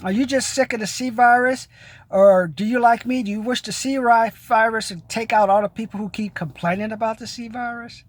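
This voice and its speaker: Middle-aged guy ranting at his viewers, blunt, kinda high voice. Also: fairly even intonation, fairly quick, dry recording. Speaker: vlogger. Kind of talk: casual rant to camera.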